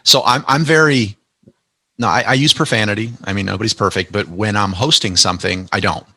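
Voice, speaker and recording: A man's voice: on the low side, fairly quick, bright, forceful tone, slightly rough, no echo. A man hosting a podcast interview, chatting eagerly and often restarting his words. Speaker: podcast host. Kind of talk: casual interview chat.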